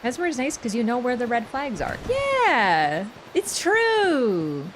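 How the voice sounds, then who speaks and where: A woman's voice: fairly high pitch, huge pitch swings, slow, slight background noise. A young woman livestreaming a game, chatting casually with a sarcastic, playful and teasing manner. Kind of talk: casual gaming livestream chat.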